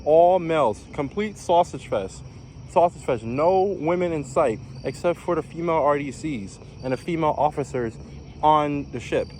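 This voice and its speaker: A slightly high, somewhat mellow voice at a moderate pace belongs to a young man from New York recalling his days as a navy recruit. His casual vlog rambles, with plenty of fillers and restarts, and a bit of background noise.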